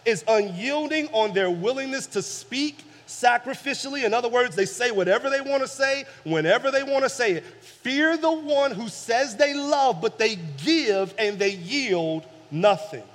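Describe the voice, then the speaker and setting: A man preaching a sermon as pastor, building emphasis through repeated phrases, with swings from soft low passages to loud peaks. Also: animated, moderate pace, hardly any pauses. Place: church sanctuary. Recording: long church reverb.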